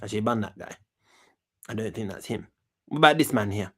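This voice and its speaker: This talk show host speaks in a brisk, animated voice on the low side. His comic monologue rambles cockily, heavy with slang, and he keeps repeating himself.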